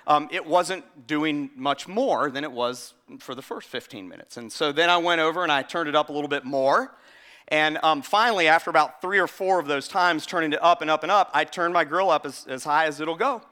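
A middle-aged pastor giving a sermon, chatty and storytelling, with frequent restarts. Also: male voice, fairly high pitch. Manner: hushed, slow prayer voice.

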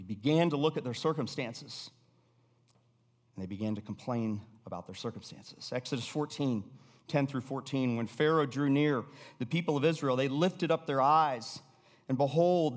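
A middle-aged American man preaching a sermon in a loose, conversational way, often restarting and sometimes dropping to a near-whisper. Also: medium pitch. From United States. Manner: conversational, with repeated restarts and sudden drops to a hush. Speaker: pastor. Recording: long hall reverb.

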